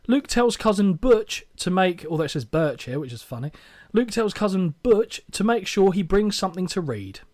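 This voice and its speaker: Lively, wry man hosting. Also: high voice, normal speed, no echo. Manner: wry, sarcastic narration with jokes. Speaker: podcast host. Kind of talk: comedic recap podcast chat.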